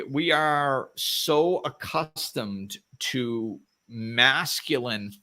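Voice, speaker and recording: A man's voice: mid-range voice, bright, forceful tone. A man hosting a live spiritual talk who speaks in a passionate, emphatic, preaching way. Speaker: host.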